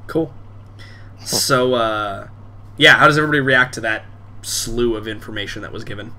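Bright-voiced male game master. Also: medium pitch, normal speed. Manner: casual, filler-heavy, rambling. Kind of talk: narrating a tabletop game.

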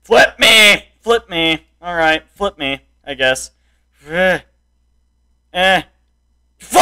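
A young man in raging gameplay commentary, frustrated, swinging between muttered complaints and loud shouts at the game. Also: sits high, wildly swooping pitch, slow pace. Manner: frustrated, yelling and insulting the game. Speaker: gameplay streamer.

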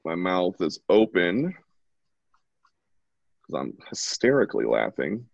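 A man's voice: low voice, huge pitch swings, slow, gravelly, dry recording. A man at home giving a casual, chatty live drawing lesson and talking while he sketches. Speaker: drawing instructor. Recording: dull lo-fi, dry sound.

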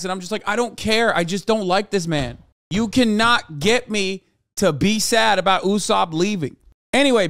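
A man rants to his live chat in a high, clear voice, animated and exasperated, swearing freely. The sound is close and dry, with no room echo. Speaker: live streamer. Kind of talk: casual rant to live chat.

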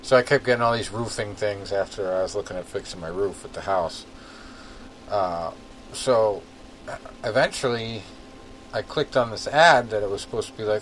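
A man's voice: fairly low pitch, moderate pace, a bit bright, a little hiss or hum, poor audio. A man co-hosting a podcast, telling stories in a rambling, casual way full of "like" and "uh". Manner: rambling, filler-heavy storytelling. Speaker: podcast co-host. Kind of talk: casual chat.

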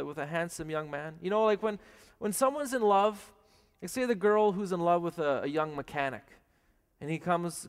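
High-voiced priest preaching in a hall. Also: male voice, smooth. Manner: earnest, plain-spoken preaching with rhetorical questions. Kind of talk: televised sermon.

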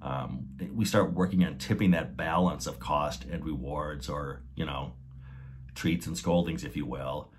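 A man's voice: a bass voice, measured pace, slight background noise. A man hosting a podcast, explaining ideas methodically and restating his key points. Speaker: podcast host.

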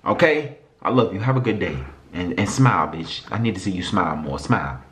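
A man hosts a casual reaction vlog, animated and exclamatory, his pitch leaping up and down as he swears freely. He sounds a little out of breath. The recording is roomy and off-mic, with a faint hiss underneath. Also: brisk, hardly any pauses, distant mic. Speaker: YouTube host reacting to food videos.

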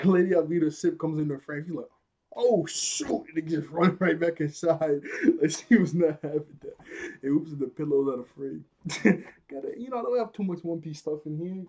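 A man's voice: fairly high pitch, mellow. A man casually recapping an anime episode, rambling and laughing often as he acts out characters' lines. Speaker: anime reviewer.

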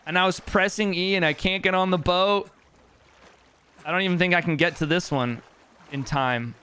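A man's voice: sits high, moderate pace, sharp tone, clear, resonant tone. A man giving casual commentary on his own gaming, exasperated and self-mocking, with frequent swearing. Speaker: game streamer.

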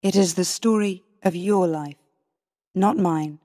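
A woman narrating a storybook in the first person, reading slowly and clearly with careful pauses. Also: lowish voice, warm tone. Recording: long hall reverb.

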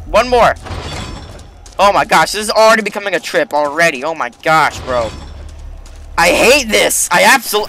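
A young man doing let's play commentary, excitable and rambling, yelping and joking as he plays. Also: sits high, moderate pace, long pauses, soft background music. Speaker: gaming YouTuber.

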